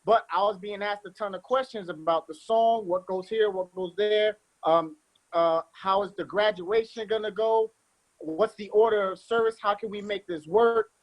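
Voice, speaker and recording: A man with a high voice gives thanks on a church convention panel. He laughs easily and pokes fun at himself, and talks in a loose, conversational way. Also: steady tone, normal speed, low-quality recording. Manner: laughing, self-deprecating. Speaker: convention committee member.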